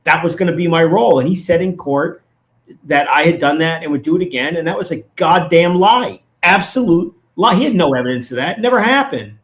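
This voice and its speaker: A man's voice: a little high, lively intonation, a little fast, fairly bright tone. Emphatic lawyer man breaking down a case. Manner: emphatic, indignant arguing. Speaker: lawyer and legal commentator. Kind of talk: guest analysis in a casual interview.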